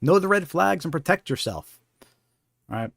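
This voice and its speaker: A man hosting a live scam awareness stream, with a slightly high voice. He talks conversationally and keeps checking in with the listener. The sound is dry and close. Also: animated, normal speed, gravelly, a bit bright, no echo. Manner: conversational, keeps asking "right?". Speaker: host.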